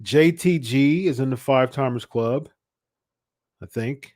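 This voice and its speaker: A man's voice: medium pitch, slow pace, a little mellow, no echo, clean studio sound. A man hosting a live podcast, chatting casually and chuckling, often repeating himself. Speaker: podcast host. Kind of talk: casual live-stream chat.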